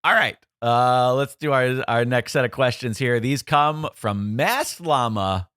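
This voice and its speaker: A man's voice: medium pitch, a little slow, fairly bright tone, clean tone, no room sound, studio quality. A man hosting a casual podcast quiz, reading out questions and teasing the contestant playfully. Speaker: quiz host.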